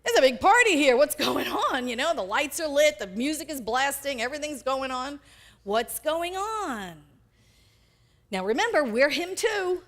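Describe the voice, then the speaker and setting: A woman pastor delivering a sermon in an animated way, acting out the quoted characters as she goes. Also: sits high, moderate pace, hardly any pauses.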